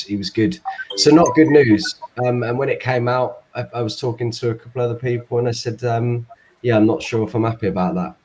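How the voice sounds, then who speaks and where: A man on a fan show giving his opinion in casual chat, hesitant and halting over a video call. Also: on the low side, darkish tone.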